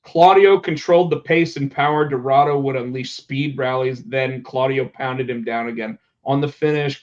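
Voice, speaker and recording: A man hosting a podcast in casual chat, animated and quick to swear. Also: medium pitch. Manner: animated, swears, acts out quotes. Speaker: podcast host. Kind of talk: casual chat about pro wrestling. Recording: dull lo-fi sound.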